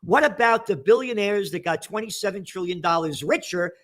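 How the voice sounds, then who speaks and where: Brief: middle-aged male commentator, sharp and angry, cursing, higher-pitched, bursts of shouting. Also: a little fast. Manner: profane, angry, shouts for emphasis. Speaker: trends commentator. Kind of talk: ranting news commentary.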